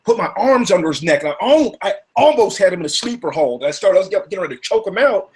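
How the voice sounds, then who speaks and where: A man telling a rowdy story in casual chat, animated and profane, acting out what others said. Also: sits high, quick pace.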